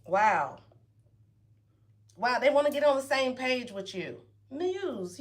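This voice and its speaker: A woman's voice: high-pitched, very animated, takes it slowly, pauses often. A woman giving a casual tarot reading to camera, playful and brash, swearing and acting out reactions. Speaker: tarot reader.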